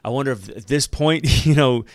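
A man leads an animated Bible study, mixing scripture reading with playful retellings in which he acts out the characters. His voice sits at an ordinary middle pitch. The sound is dry and close, with no room echo. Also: normal speed. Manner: animated storyteller who acts out characters' lines and laughs often. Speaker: Bible teacher.

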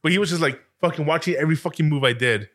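Brief: young male podcast co-host, rapid, crude banter. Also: fairly high pitch, a bit bright. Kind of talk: casual chat.

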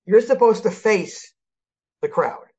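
An older man from Philadelphia, a guest in a casual sports chat, telling lively stories and acting out the people in them. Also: high voice, takes it slowly, husky. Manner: animated storyteller, acts out quoted voices. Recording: dull lo-fi audio.

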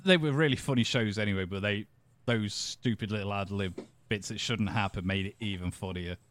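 Low-voiced laid-back man. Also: brisk, fairly bright tone. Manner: laid-back, chuckling listener. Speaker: podcast co-host. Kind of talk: casual chat.

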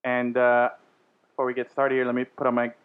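Jokey podcast host, lo-fi. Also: male voice, medium pitch, monotone, brisk, clear, resonant tone. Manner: jokey, laughing, hypes himself up. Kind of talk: casual sports podcast chat. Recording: dull lo-fi sound.

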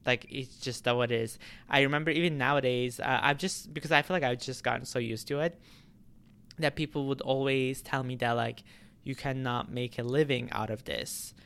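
Smooth-voiced man rambling casually. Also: medium pitch, fairly even intonation, a little fast, a bit bright. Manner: rambling, many fillers and restarts. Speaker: YouTuber. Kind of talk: casual vlog talk to camera.

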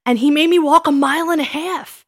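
A woman telling funny stories about old dates in a casual chat, laughing often and acting out what she said back then in a higher voice. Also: brisk. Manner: animated, laughing, quotes herself in a higher voice. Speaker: podcast co-host.

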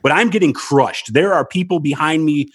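At a normal speed and with a breathy edge, a man relates a long, animated anecdote as a guest in casual chat. Quoting others, he jumps widely in pitch to act them out, and he swears freely. The recording is dry and studio quality.

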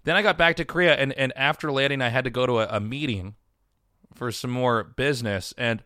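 A man's voice: mid-range voice, a little fast, pushed and bright, no room sound, studio quality. A man telling a long personal story in casual chat, rambling with restarts and swearing.

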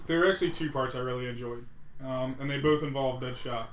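A man chatting casually about a film, blunt and animated, swearing freely as he rants. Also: medium pitch, fast talker. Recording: echoey room, faint ambient noise.

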